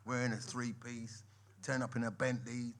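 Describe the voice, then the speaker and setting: A man as a guest on a live podcast, telling lively stories and laughing often. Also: mid-range voice, normal speed, crowd noise. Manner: animated storyteller, laughs often, lively swings in loudness. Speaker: guest musician and actor. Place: members' club room with a live audience.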